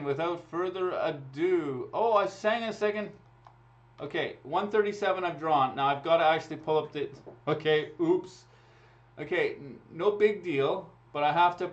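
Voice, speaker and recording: A man with a fairly high-pitched voice talks at a normal speed as he hosts a raffle on a livestream. He laughs and chats casually, walking viewers through each draw via a computer mic, with the audio sounding dull and lo-fi.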